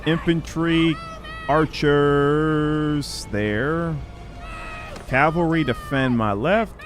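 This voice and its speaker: A man streaming gameplay live, chatting with viewers in an opinionated, talkative way. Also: fairly high pitch.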